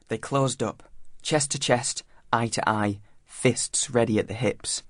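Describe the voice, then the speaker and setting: A man reading a story aloud in a measured, plain narration. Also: fairly low pitch, fairly even intonation, no room sound, studio quality. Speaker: audiobook reader. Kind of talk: scripted narration.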